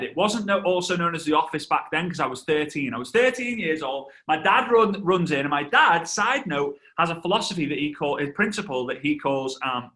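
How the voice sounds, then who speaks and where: A man in his thirties giving a lively motivational training talk, telling stories with asides and shouts to his audience. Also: fairly high pitch. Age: 30s. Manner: animated storyteller, shouts and laughs, quick asides to the audience. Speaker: guest speaker.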